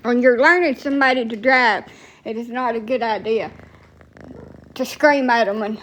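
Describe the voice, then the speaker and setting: A woman's voice: sits high, expressive, normal speed, a bit bright. Foul-mouthed woman ranting. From Alabama, USA. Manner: profane, blunt, rambling. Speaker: TikTok storyteller. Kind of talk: casual storytelling rant.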